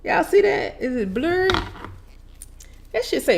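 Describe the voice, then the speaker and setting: A woman with a high voice speaks in on her own vlog. She rants loosely and profanely to her viewers, breaking into laughter and sounding openly incredulous. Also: big pitch swings, takes it slowly, creaky, slight background noise. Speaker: channel host. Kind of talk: casual ranting vlog.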